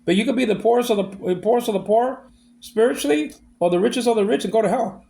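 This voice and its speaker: A man's voice: sits high, quick pace, creaky, warm tone. A man ranting in a monologue, aggrieved and repeating himself as he vents. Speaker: vlogger.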